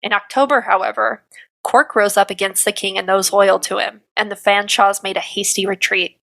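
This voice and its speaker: Woman, podcast co-host, history reading, gravelly voice, steady storytelling. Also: medium pitch, normal speed.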